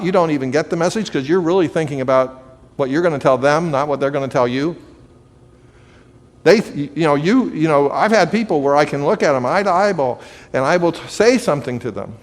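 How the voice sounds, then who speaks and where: A man's voice: fairly high pitch, big-room sound. A man teaching a class on communication, talking conversationally and telling everyday anecdotes. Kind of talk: lecture to a live audience.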